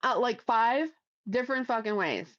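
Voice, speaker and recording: A woman's voice: a little high, lively intonation, moderate pace, no room sound, dull audio. A middle-aged woman from Ohio hosting a livestream, reading chat aloud in a blunt, crude, chatty way. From Ohio, USA.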